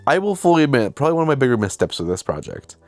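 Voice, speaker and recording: A man's voice: mid-range voice, very animated, very fast, soft background music. A young man hosting his own channel, telling a casual, rambling, self-deprecating story about making a film. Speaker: video host and filmmaker.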